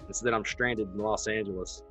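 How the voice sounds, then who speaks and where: A man hosting a casual podcast interview, asking open questions in a relaxed way and often saying "you know". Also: lowish voice, a little fast, soft background music. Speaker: podcast host.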